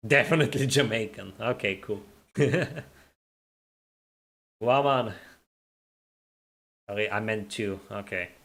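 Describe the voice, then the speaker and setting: A man's voice: fairly low pitch, moderate pace, fairly bright tone. A young man chatting casually on a live stream, reading viewer comments, teasing and laughing often, and tripping over and repeating his words.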